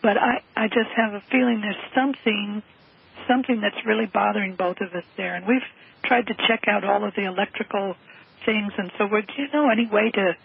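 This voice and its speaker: A woman's voice: mid-range voice, fairly quick, creaky, breathy edge. A woman calling into a radio show, earnest and polite, heard over a thin phone line. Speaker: caller. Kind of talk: call-in radio conversation.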